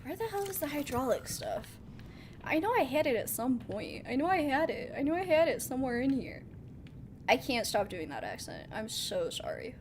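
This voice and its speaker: A woman's voice: high-pitched, sing-song, moderate pace, a little hiss or hum. Giggly, playful woman streamer. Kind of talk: casual gaming commentary.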